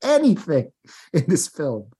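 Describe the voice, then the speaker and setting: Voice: medium pitch, huge pitch swings, a little slow, mellow, slightly rough. A guest on a casual film podcast, a car enthusiast who teases and quizzes the others with playful questions.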